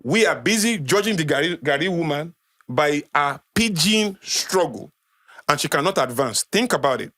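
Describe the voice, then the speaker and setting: A man's voice: on the high side, lively intonation, normal speed, fairly bright tone, no room sound. Emphatic Nigerian man, dry studio sound. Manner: emphatic, repeats phrases for effect, lecturing. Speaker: guest speaker. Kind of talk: passionate podcast talk.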